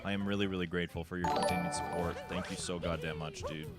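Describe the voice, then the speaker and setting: A man's voice: low voice, fairly even intonation, fast, loud music behind the voice. A man streaming a speedrun, chatting casually with his viewers, laughing often and swearing freely. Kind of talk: casual live-stream chat while gaming.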